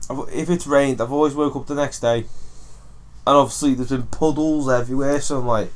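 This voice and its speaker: A man's voice: mid-range voice, fairly even intonation, normal speed. A young man from Wales, co-hosting a podcast, telling a rambling story and swearing often. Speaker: podcast co-host. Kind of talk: casual chat, storytelling.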